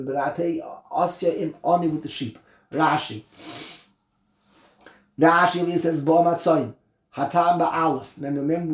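A man teaching a Torah class, explaining verses and commentary in an animated way that acts out the voices of the people in the text. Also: fairly high pitch, gravelly, reverberant. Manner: animated, acts out voices, switches between Hebrew and English.

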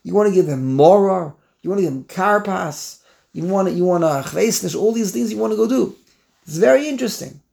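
A man giving an animated Torah class, repeating phrases and mixing in Hebrew and Yiddish words. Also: sits high, brisk, vocal fry. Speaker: rabbi teaching. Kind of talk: Torah class on the Passover Haggadah.

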